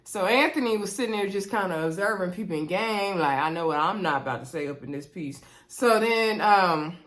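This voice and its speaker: A woman casually recapping a reality dating show, chatty and animated, quoting the cast and talking straight to her viewers. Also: medium pitch, moderate pace. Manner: chatty, animated, retelling scenes with quoted voices; addresses viewers directly. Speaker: reality TV reviewer.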